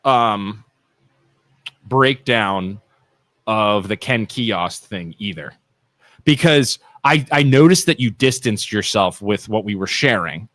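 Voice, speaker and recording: A man's voice: lowish voice, takes it slowly, a bit bright, no echo. A man with an Ohio accent co-hosting a local live talk show, joking around and needling his partner. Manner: goofy, teasing, talks over his co-host. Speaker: podcast co-host. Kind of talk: casual radio talk show banter.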